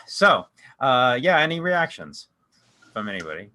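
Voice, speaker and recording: A man's voice: mid-range voice, big pitch swings, measured pace, pushed and bright. A man leading a casual online discussion group, rambling with frequent restarts and fillers.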